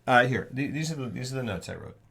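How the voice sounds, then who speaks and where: A man's voice: mid-range voice, lively intonation, fast talker, fairly bright tone. A man co-hosting a live film discussion stream, chatting casually in a jokey, rambling way with frequent restarts. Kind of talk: casual chat.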